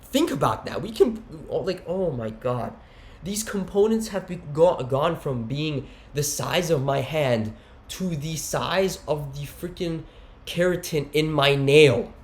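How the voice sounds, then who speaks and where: A man's voice: a little high, unhurried. A man giving a heated one-take monologue, rambling and slangy with many restarts. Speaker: commentator.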